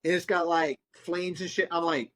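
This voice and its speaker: A man who works as a tattoo artist, telling animated, profane stories in a casual conversation over a remote call. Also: a little high, normal speed, dry recording. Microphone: remote call mic.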